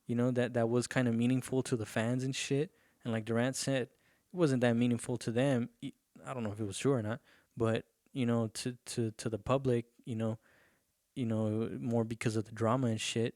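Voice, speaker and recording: A man's voice: medium pitch, darkish tone, no echo, studio quality. A young man hosting his own podcast, talking loosely and profanely with lots of fillers. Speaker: podcast host. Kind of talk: casual solo podcast rant.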